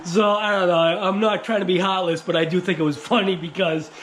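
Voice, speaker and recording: Chatty high-voiced New England man. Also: level tone, brisk, fairly bright tone, slight background noise. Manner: chatty, laughs often, many fillers. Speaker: RC car channel host. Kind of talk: casual rambling vlog chat.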